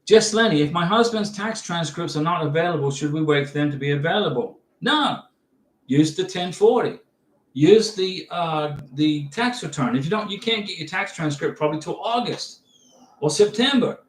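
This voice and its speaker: Male livestream host. Chatty and emphatic, slightly higher voice, echoey room, set back from the mic. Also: expressive, normal speed. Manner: chatty, emphatic, reads viewer comments aloud. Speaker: livestream host answering viewer questions. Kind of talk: casual livestream advice. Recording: roomy sound, somewhat far from mic.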